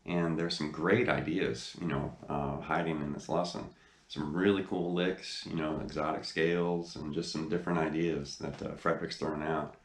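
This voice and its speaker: A man with an extremely low voice talks casually into a camera from his chair, hosting a guitar lesson. He rambles with excitement, full of "you know" and "uh". The room gives his voice a noticeable echo. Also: normal speed. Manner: enthusiastic, rambling with many fillers. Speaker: guitar teacher, channel host. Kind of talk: casual video lesson talk. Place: indoor room, seated facing camera.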